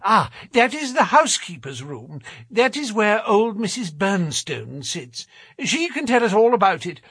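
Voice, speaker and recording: A man reading aloud, voicing a nervous, excitable gentleman in a high, hurried, anxious way. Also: breathy edge, dry recording, clean studio sound, heavily acted. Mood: fussy. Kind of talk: audiobook character reading.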